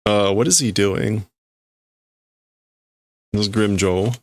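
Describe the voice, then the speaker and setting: A man's voice: fairly low pitch, slow, long pauses. A man livestreaming as he reads and translates manga in a casual way, thinking aloud and often stopping to correct himself.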